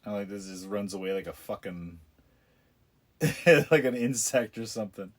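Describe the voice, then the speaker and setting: A man's voice: fairly low pitch, moderate pace. A young man hosting a casual movie commentary, profane and mocking, laughing at what he watches. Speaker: podcast host.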